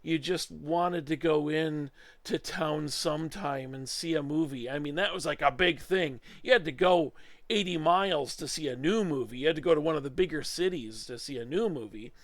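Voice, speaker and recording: A middle-aged man rambles through a casual film review from his home studio, his voice sitting a little high for a man. The sound is close and dry with almost no room around it, and he talks in loose, chatty runs full of "uh"s and restarts. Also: moderate pace, no room sound. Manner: meandering, chatty, with frequent fillers and restarts. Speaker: movie reviewer. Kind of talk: casual opinion monologue.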